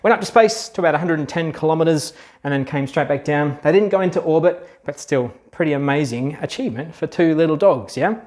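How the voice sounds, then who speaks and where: A man's voice: fairly high pitch, fairly quick, a little mellow. A man, a children's book author, telling facts to kids in a chatty, casual storytelling manner. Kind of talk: explainer video for kids.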